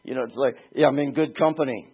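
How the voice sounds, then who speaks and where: A man preaching a sermon in an animated way, moving between quiet asides and shouted emphasis, with a husky voice. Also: medium pitch, fast talker. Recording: tinny phone-like sound.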